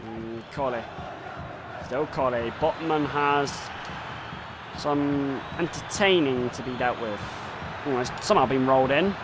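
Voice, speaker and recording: A man commentating his own football video game live, muttering play-by-play and swearing and yelling when things go wrong. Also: a little high, measured pace, crowd noise, background noise.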